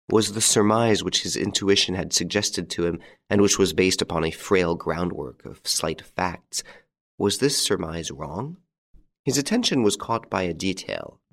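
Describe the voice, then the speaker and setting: A man narrating a classic adventure novel in a measured, dramatic storytelling style. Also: low voice, gravelly. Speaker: audiobook narrator. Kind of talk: scripted narration.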